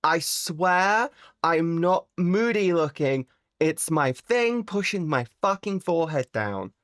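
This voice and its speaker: A woman live streamer with a fairly low voice chats with her viewers in a playful, teasing way, swearing freely. Her pitch swings widely, with sudden high squeaky exclamations, while she mostly talks at an unhurried pace. The sound is dry and close, with no room echo. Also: animated.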